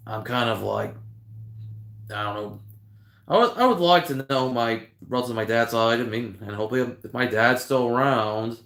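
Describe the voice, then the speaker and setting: A man's voice: mid-range voice, a bit bright. Rambling man chatting on a livestream. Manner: rambling, talks to chat viewers. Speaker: livestream host. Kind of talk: casual livestream chat. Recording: echoey room.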